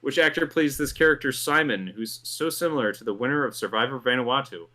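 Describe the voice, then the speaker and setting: Man, host, scripted commentary, amused, laughs often, bright voice, middle pitch. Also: brisk, hardly any pauses. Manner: amused, laughs through his lines.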